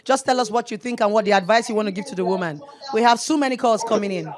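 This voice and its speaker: This Nigerian woman hosts a live call-in show in an effusive, affectionate way, calling everyone darling and slipping into Pidgin. Her voice sits at an ordinary pitch for a woman, and she chats warmly with each caller. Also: fast talker, a crowd in the background. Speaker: radio show host taking calls.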